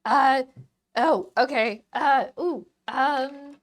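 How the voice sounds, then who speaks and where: A woman voicing a hyper, over-caffeinated cartoon frog in a silly, excitable stream voice. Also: sits high, very slow. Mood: giddy.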